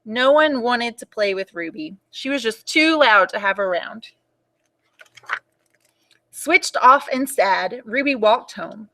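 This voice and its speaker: Young woman reading a kids book out loud, really bright voice, animated storytime vibe. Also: a little high. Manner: animated, expressive, warmly slow reading. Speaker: children's librarian reading aloud. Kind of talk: children's storytime read-aloud.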